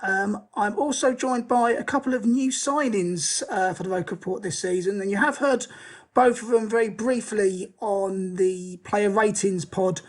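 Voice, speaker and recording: A man hosting a casual football podcast, introducing guests with chatty fillers. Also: sits high. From England. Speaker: podcast host.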